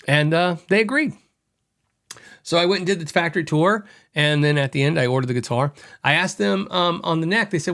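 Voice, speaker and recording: A middle-aged man hosting a podcast, telling a story in a chatty, animated way and acting out quoted dialogue. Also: fairly high pitch. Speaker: podcast host. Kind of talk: casual storytelling monologue.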